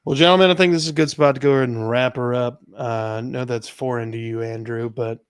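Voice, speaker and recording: A man hosting a casual panel podcast, calling his own voice monotone. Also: mid-range voice, fast, clear, resonant tone, no room sound, studio quality. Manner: self-described monotone voice. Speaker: podcast host.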